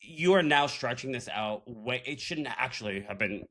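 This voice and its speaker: A man co-hosting a casual recap, chatty and emphatic, who swears and mimics the people he talks about. His voice sits in an ordinary middle pitch. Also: lively intonation, normal speed, fairly bright tone. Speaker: podcast co-host.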